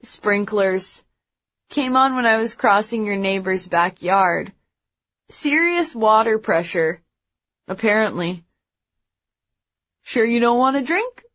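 A woman's voice: medium pitch, animated, slow pace, pauses often, a bit bright, no room sound, lo-fi sound. A woman voicing a tipsy, cheerful young man who slurs his words in an audiobook. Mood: loose cheerful.

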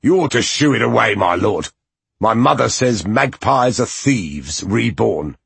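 A man doing a gruff, brutish bodyguard. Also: fairly low pitch, expressive, unhurried, dry recording, exaggerated voice. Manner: gruff, alarmed, rough. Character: blunt, brutish young male bodyguard.

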